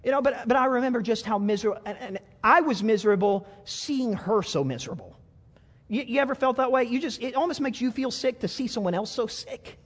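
A man's voice: extremely high pitch, lively intonation, fairly quick, long reverb tail. A man preaching a sermon as a pastor, telling a story in a folksy way with frequent stammered restarts.

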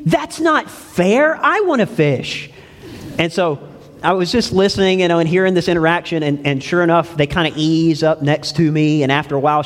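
A man preaching a sermon as pastor, telling folksy stories and asking the congregation questions. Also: a little high. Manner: folksy storytelling, asks the congregation. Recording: long church reverb.

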